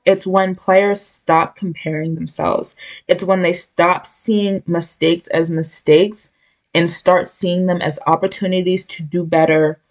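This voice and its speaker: Emphatic young woman giving a pep talk. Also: lowish voice. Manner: emphatic, repetitive pep talk, casual slang. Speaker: podcast host. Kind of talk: motivational podcast talk.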